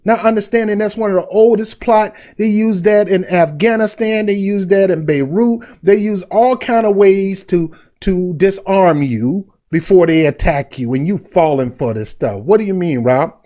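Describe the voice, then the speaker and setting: A man's voice: sits high, normal speed, hardly any pauses, warm tone. A middle-aged man hosting a commentary vlog, blunt and indignant, with street slang. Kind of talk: heated commentary.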